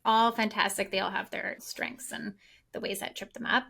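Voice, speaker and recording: A woman business coach talking excitedly and at length in a casual podcast conversation. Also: medium pitch, moderate pace, creaky.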